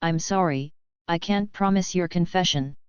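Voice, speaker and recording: A woman's voice: fairly low pitch, normal speed, smooth, no room sound, close to an everyday voice. A woman reading the part of a shy, flustered young woman student who talks hesitantly and apologetically. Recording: dull lo-fi, dry.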